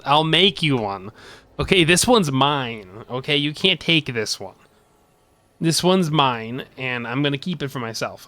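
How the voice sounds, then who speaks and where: A man chatting on a game stream with a bright, forward tone that sits a little high. He rambles playfully, laughs a lot and teases his chat, recorded dry and close with no room sound. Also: no room sound.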